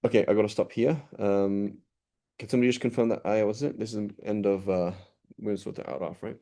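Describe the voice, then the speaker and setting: A man's voice: lowish voice, fairly even intonation, fast talker, dark tone. A man teaching an informal Quran study class, explaining step by step and checking in with his listeners often.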